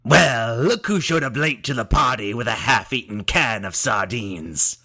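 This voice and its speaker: A man's voice: medium pitch, animated, measured pace, bright, forceful tone, pitched above the performer's own voice. A man voicing a venomous, hateful male robot possessed by an old spirit in an audiobook, snarling his lines theatrically. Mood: mocking. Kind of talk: audiobook character voice.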